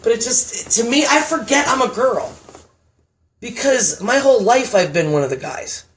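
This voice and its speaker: A woman stand-up comedian, chatting as a podcast guest and telling stories in a blunt, profane, animated way. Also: fairly high pitch, moderate pace, slight background noise. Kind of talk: casual chat, storytelling.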